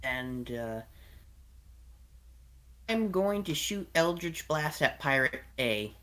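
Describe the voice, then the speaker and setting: A woman's voice: low voice, lively intonation, slow pace, a bit bright. A woman playing a warlock in a tabletop game, matter-of-fact as she explains her moves. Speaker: player. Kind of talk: tabletop game play on a stream.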